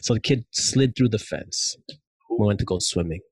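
A man telling stories in casual chat, animated and slangy, with many fillers. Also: lowish voice, moderate pace, husky, dry recording.

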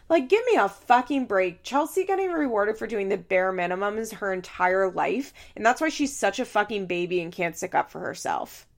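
A woman co-hosting a casual podcast recap, ranting and swearing in exasperation, sometimes mocking people in exaggerated high voices. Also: animated, moderate pace, hardly any pauses. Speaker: podcast co-host.

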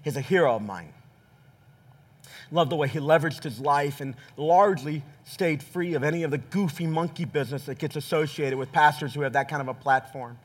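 A man's voice: on the high side, a little fast. A man preaching a sermon as pastor, speaking earnestly and directly to his congregation. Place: church sanctuary. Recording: reverberant church hall.

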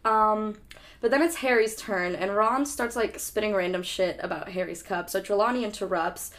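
Young woman, podcast co-host, chatty recap voice, casual swearing, middle pitch. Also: fairly bright tone. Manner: chatty, swears casually, acts out characters in quick asides. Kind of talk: casual chat recapping a book.

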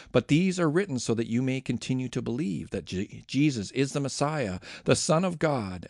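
A man giving an expressive, dramatic reading of scripture aloud. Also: medium pitch, creaky, no room sound, clean studio sound. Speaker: scripture reader.

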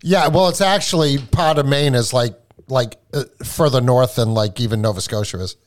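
A man's voice: mid-range voice, moderate pace. A man co-hosting a podcast, chatting casually with teasing, sarcastic jokes. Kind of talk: casual chat.

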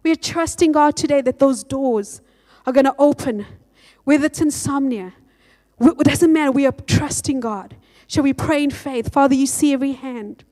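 A woman pastor preaching a sermon, reading scripture aloud and acting out quotes with lively delivery. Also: high-pitched, moderate pace.

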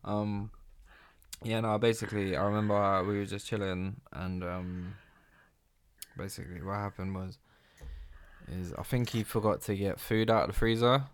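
A young man tells a rambling story, his voice sitting a bit low. He talks in loose, casual chat, full of slang and filler words. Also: little pitch movement, moderate pace, slight background noise.

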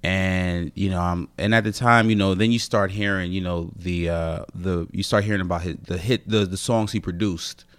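A man's voice: sits low, fairly even intonation, moderate pace, few pauses, clean tone, dry recording. A man who is a comedian guest, telling stories in casual podcast chat, rambling with many fillers.

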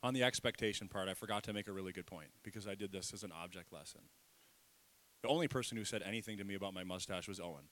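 A man preaching a sermon as pastor, swinging from soft, tearful passages up to loud, emphatic peaks. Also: deep voice, quick pace. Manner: impassioned, building to loud emphatic peaks then dropping soft. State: tearful, nose running.

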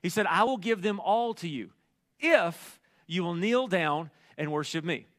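Pastor guy with a high bright voice telling a funny story in his sermon, lots of energy. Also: unhurried. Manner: storytelling, animated, jokey asides.

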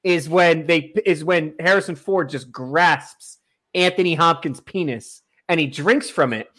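A man with a high voice co-hosts a podcast. He tells absurd jokes with a deadpan delivery and swears in passing. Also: a little slow. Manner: deadpan absurd joking, profane. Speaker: podcast co-host. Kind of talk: casual comedic chat.

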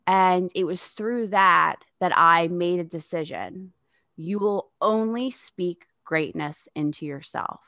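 A woman in her thirties speaks in a low, gravelly voice with plenty of fry. She talks frankly and sarcastically as a podcast guest and swears freely. The sound is dry and close. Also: takes it slowly, bright, forceful tone, no echo. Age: 30s. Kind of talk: candid podcast conversation.

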